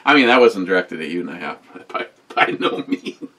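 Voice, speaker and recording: A wisecracking man in his sixties with a fairly low voice hosts a beer review in loose, rambling chat to camera. He swears freely, wanders off topic and trades jabs with his voice assistant. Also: lively intonation, fairly quick, pushed and bright. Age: 60s. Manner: talks back to a voice assistant.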